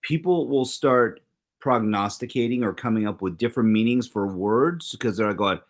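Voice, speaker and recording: A middle-aged man co-hosting a casual talk show, telling stories and acting out the quoted lines. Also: normal speed. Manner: animated storyteller, acts out quoted exchanges with big pitch jumps. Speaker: co-host.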